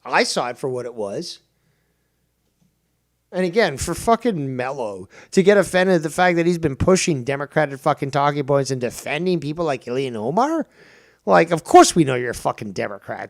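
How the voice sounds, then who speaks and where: A man's voice: fairly high pitch, very animated, normal speed. Profane ranting male podcast host. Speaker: show host. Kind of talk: heated podcast debate.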